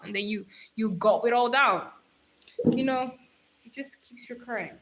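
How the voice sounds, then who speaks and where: A woman livestreamer chatting casually, animated and laughing often as she teases and advises her viewers. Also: a little high, moderate pace. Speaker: livestreamer reading chat.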